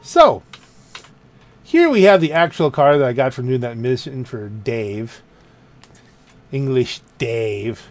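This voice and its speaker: A man with a medium-pitched voice and big pitch swings speaks slowly, pausing often. The gaming channel host gives chatty, rambling let's-play commentary while touring his car garage in a video game, often stopping to correct himself.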